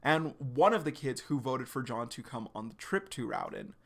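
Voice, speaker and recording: A man's voice: mid-range voice, animated, moderate pace, vocal fry. A young man streaming a live reaction, recapping a comic chapter in a loose, slangy way full of "like" and the odd swear word.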